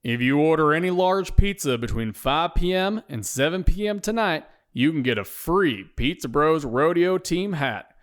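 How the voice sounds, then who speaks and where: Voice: lively intonation, moderate pace, few pauses, lightly acted. A narrator voicing a smiling male rodeo spokesman reading a pizza ad. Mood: cheerful. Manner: cheerful ad pitch.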